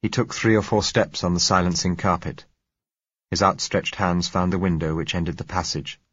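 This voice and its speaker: Deep husky man narrating a story. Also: steady tone, a bit bright, no echo, lo-fi sound. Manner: measured, dry, wry. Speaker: audiobook narrator. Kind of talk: scripted narration.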